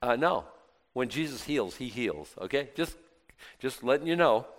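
A man preaching a conversational Bible sermon. He reads scripture, breaks off into casual, joking asides and puts rhetorical questions to his listeners. His voice sits at a middle pitch and swings between loud and hushed. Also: animated, normal speed.

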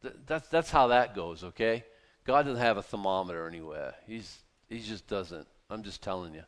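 A man preaching a conversational sermon, animated and informal, with many fillers and restarts. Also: fairly low pitch, normal speed, in a large hall. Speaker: pastor.

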